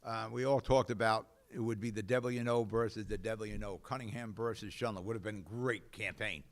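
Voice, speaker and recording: A man's voice: fairly low pitch, fairly even intonation, a little fast. A man hosting a local politics talk show, blunt and rambling, with frequent fillers. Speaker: host. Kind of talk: opinionated local politics commentary.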